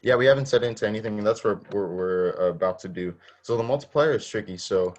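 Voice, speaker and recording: Man, very low voice, robotics instructor, step-by-step explaining, frequent restarts, video call mic. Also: quick pace. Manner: explains step by step, asks questions, restarts often. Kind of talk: online coding lesson.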